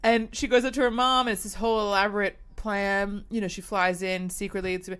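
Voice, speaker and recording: Animated laughing woman podcast host. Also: medium pitch, a little fast, clean tone. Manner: animated, laughing storyteller with many fillers. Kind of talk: casual chat.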